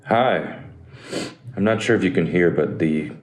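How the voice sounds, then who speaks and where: Deep-voiced man in an echoey room. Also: unhurried. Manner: rambling, self-deprecating. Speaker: podcast host. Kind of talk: casual ad read. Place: room above a restaurant. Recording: echoey room with faint noise.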